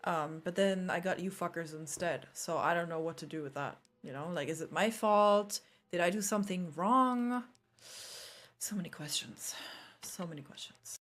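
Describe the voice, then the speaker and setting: A woman's voice: lowish voice, moderate pace, hardly any pauses, a bit bright. A young woman with an accent gives casual, playful live-stream commentary on a horror game. She swears a lot and scolds the characters on screen, talking from a room at home. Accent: non-native.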